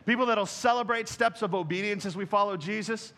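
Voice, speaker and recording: A man's voice: high-pitched, a little fast, bright, forceful tone. A man preaching to his congregation in a conversational style, talking to them directly. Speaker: pastor. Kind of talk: sermon. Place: church.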